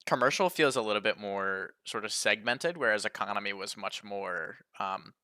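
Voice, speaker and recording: A man's voice: fairly low pitch, moderate pace, sharp tone, no room sound, studio quality. A man hosting a casual esports panel, steering the talk along and laughing easily with guests. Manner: easygoing, guiding the talk, laughs often. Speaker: host moderating the panel.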